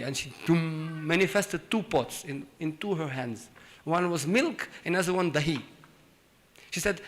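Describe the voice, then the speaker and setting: A man's voice: fairly high pitch, measured pace, long pauses. A middle-aged man telling a story in a sermon, acting out its characters and laughing often. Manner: animated, acts out voices in the story, laughs often. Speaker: speaker giving a scripture class.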